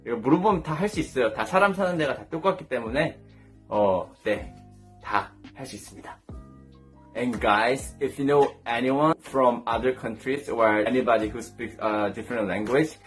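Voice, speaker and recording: A man's voice: mid-range voice, very fast, faint music behind. A young man from South Korea, speaking English with a Korean accent, telling funny stories in a storytime vlog and acting out the people in them as he laughs. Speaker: vlogger.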